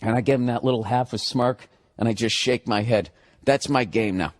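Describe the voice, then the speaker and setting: Male stand-up comic, mid-pitched voice, swears a lot, rants and builds to shouted peaks. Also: moderate pace. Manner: profane, ranting, builds to loud outbursts. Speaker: stand-up comedian. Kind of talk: stand-up storytelling.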